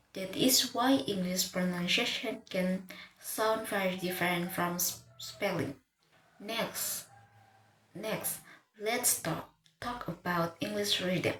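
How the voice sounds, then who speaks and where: In a slow, careful lesson, a woman teaches pronunciation, often stopping to restart or repeat a word as she reads from her notes. Her voice is mid-pitched and fairly bright, and the echoey room carries a faint ambient hum.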